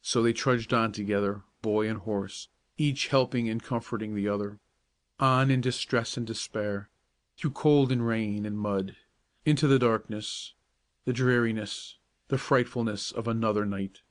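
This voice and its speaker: A man narrating a bedtime audiobook in a calm, measured storytelling voice. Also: lowish voice.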